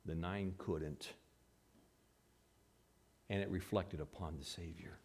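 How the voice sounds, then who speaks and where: A man preaching a sermon, moving between hushed, slow passages and raised, emphatic ones. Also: deep voice, fairly even intonation, slightly rough. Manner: dramatic shifts between hushed and raised delivery. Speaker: pastor.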